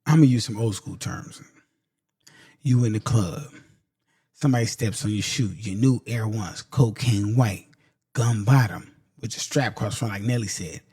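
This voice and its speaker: A podcast host speaks at a moderate pace in a fairly low, mellow voice with a slight roughness, recorded dry at studio quality. Addressing listeners casually as "y'all," he gives a motivational talk and hammers points home through emphatic repetition.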